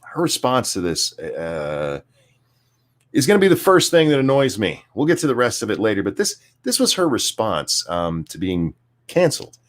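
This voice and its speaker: A man's voice: fairly low pitch, huge pitch swings, normal speed. A man hosting a commentary show, ranting sarcastically with frequent swearing and stammered restarts. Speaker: commentary channel host.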